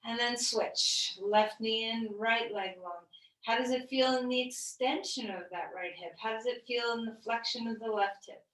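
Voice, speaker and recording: Calm woman guiding yoga, echoey room. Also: a little high, distant mic. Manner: calm, slow guiding questions with fillers. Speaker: yoga teacher. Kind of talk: guided yoga class instruction. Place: room, lying on the floor.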